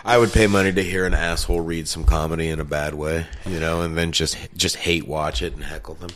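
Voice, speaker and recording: A man's voice: deep voice, steady tone, brisk, fairly bright tone. A man co-hosting a podcast, cracking jokes and swearing freely in casual banter. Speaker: podcast co-host.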